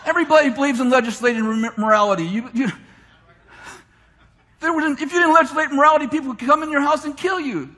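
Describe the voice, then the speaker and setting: A man preaching a lively sermon, shouting his points and mimicking complainers in mock voices. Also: extremely high pitch, quick pace. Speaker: pastor. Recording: long hall reverb from a church.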